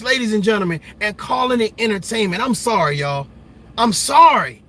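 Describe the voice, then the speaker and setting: A man rants on a livestream, preachy and repeating phrases for emphasis. His voice sits high and bright with a husky edge. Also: lively intonation, moderate pace. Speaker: commentary host. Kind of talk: livestream commentary rant.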